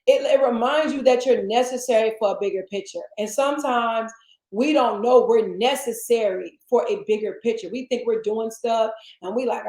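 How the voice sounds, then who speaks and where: A fairly high-voiced woman hosts a casual motivational interview. She talks in an animated way, leaping into high, playful voices whenever she quotes someone. The room around her is roomy and echoey. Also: moderate pace. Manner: animated, jumps into high playful voices when quoting others. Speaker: interview host.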